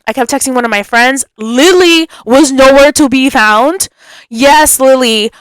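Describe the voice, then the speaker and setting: A young woman hosting a podcast, telling a story in a chatty, animated way and acting out what people said. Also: sits high, unhurried, clean tone, no echo. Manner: animated, chatty, acts out quotes. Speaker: podcast host. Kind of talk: casual storytelling.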